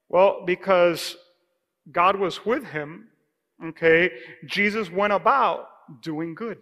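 High, bright-voiced preaching man. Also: slow pace, big-room sound. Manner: emphatic preaching, calls for congregation response. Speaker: pastor. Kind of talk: sermon. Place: church sanctuary.

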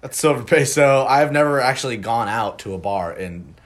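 A man's voice: medium pitch, expressive, moderate pace. A young man co-hosting a podcast, telling a rambling, profane anecdote in casual chat with lots of restarts. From Northern California. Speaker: podcast co-host.

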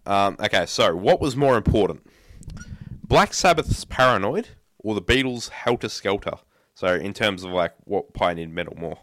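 A man's voice: fairly low pitch, lively intonation, normal speed, a bit bright, no room sound. A young man co-hosting a casual podcast, often repeating his words as he starts sentences. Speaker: podcast co-host.

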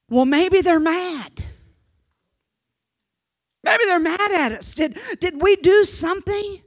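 An older woman preaching a sermon, swinging from fervent shouted exhortation to soft, confiding asides, often stumbling over repeated words. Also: very high-pitched, slow, long pauses.

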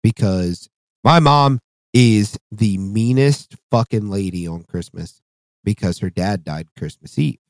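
A man's voice: on the low side, expressive, slow pace, no echo. A man co-hosting a podcast in casual, profane, rambling chat, tired and yawning. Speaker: podcast co-host.

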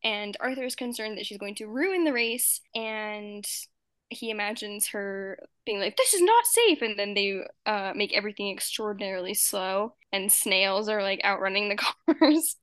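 A young woman chatting casually, retelling a story with lively energy. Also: normal speed, clear, resonant tone, no room sound. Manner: animated storyteller, acts out quoted lines in high voices. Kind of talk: casual chat.

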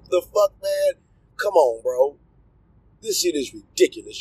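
A middle-aged man with a husky, fairly high voice rants casually and profanely. He is heard up close in a dry, dead space. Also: takes it slowly, pauses often, no room sound, low-quality recording. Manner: animated, profane, loud outbursts. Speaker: commentator. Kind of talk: casual rant to camera.

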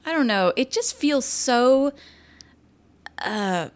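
A woman's voice: a little high, animated, slow. A woman co-hosting a podcast in casual chat, curious and teasing, asking lots of questions. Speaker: podcast co-host.

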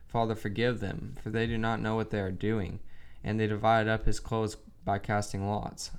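A man's voice: lowish voice, darkish tone, smooth. A man co-hosting a casual faith podcast, talking earnestly and reading scripture aloud. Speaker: podcast co-host.

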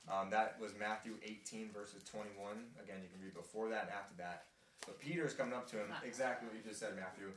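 A man's voice: fairly low pitch, brisk, a little hiss or hum. Man leading Bible study, echoey room. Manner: animated, acts out quotes in playful voices. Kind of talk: casual group Bible discussion. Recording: echoey room, mic at a distance.

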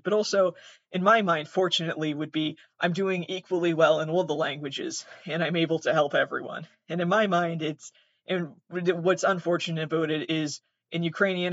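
A woman's voice: on the low side, fairly bright tone, dull audio. A young adult woman hosting a podcast, telling a rambling, self-deprecating story full of swearing and restarts. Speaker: podcast host. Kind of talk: casual storytelling monologue.

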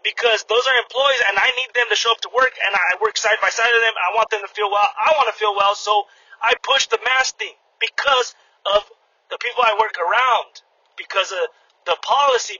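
Bright, husky man ranting with heavy profanity. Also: sits high, no room sound, lo-fi sound. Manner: animated, profane, acts out both sides of arguments. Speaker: podcast host. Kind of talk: casual storytelling rant.

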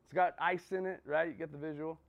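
A man's voice: fairly high pitch, steady tone, brisk, vocal fry. A man giving a motivational talk to a group, telling a story and checking in with "right?" and "okay?". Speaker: motivational speaker.

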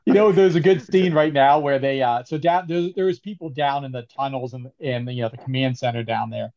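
A man co-hosting a casual movie review podcast, telling scenes in an animated way and laughing often. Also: mid-range voice, fairly quick, dull audio. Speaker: podcast co-host.

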